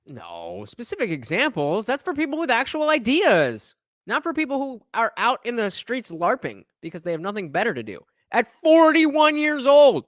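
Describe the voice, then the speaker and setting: A man hosts a reaction commentary, sarcastic and profane as he rants between clips. His pitch swings widely from line to line, and the sound is close and dry with no room around it. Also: huge pitch swings, normal speed, fairly bright tone, no echo. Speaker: commentary channel host.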